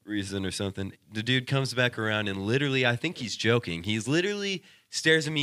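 A man's voice: mid-range voice, animated, fast, few pauses, pushed and bright, clean tone, no echo, studio quality. A young man co-hosting a podcast, telling a long story in casual chat, rambling with constant "like" and "dude" and heavy swearing. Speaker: podcast co-host.

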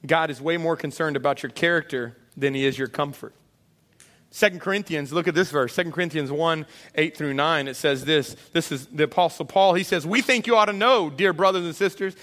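A man preaching a sermon with a slightly high voice, full of energy and quick turns into voices for the people in the story. His words ring out with a long reverb around him, the sound of a big church hall. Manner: animated, acts out voices of disciples and Jesus. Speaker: pastor.

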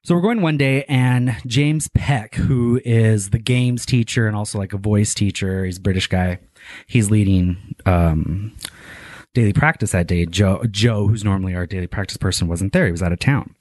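A man telling a long story in casual chat, animated and full of filler words and swearing. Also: lowish voice, normal speed, no echo.

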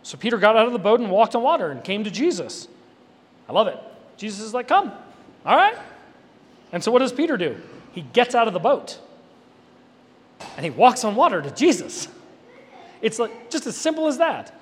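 A man preaching an expository sermon, animated and emphatic, with conversational asides to his listeners. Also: high-pitched, a little fast, long pauses. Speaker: pastor. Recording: reverberant hall with faint background noise.

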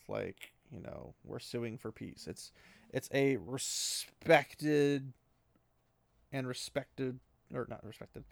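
Gravelly man recapping a book. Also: medium pitch, dry recording. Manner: rambling with fillers and laughs.

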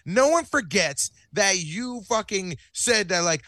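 Man, bright tense voice, slightly high, heated profane rant, dry close sound. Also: animated, takes it slowly, hardly any pauses, no room sound. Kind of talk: casual wrestling recap chat.

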